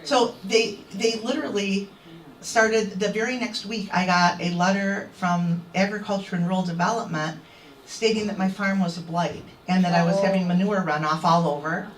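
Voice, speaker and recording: A woman's voice: mid-range voice, moderate pace, a little hiss or hum. A woman activist telling a crowd an indignant story and acting out what others said. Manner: indignant, quoting others in animated voices. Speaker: activist speaker. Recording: echoey, distant mic.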